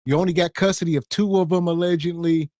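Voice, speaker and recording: A laid-back male podcast host gives casual commentary and reads viewer comments aloud. His voice is somewhat high for a man. The sound is dry and close to the mic. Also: steady tone, fast, darkish tone, no echo.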